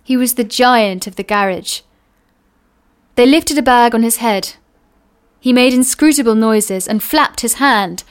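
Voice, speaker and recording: Smooth-voiced woman reading a novel aloud. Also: a little high, measured pace. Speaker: reader.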